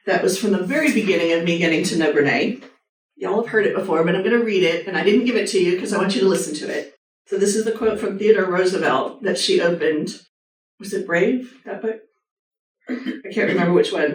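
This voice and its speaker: A woman's voice: fairly low pitch, a little hiss or hum. A woman, a surgeon giving a live motivational talk and speaking earnestly and directly to her audience. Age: 50s. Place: hospital meeting room with an audience. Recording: echoey room, mic at a distance.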